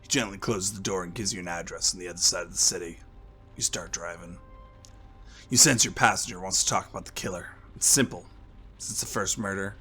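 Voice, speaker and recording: A man playing a game and reading its narration aloud in a quiet, low-key way, with casual remarks. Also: fairly even intonation, a little fast, faint music behind. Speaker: gaming video creator.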